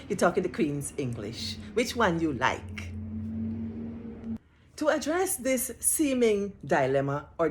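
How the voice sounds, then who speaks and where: A Guyanese woman hosting a storytelling history lesson, emphatic and fond of teasing rhetorical questions. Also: deep voice. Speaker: host.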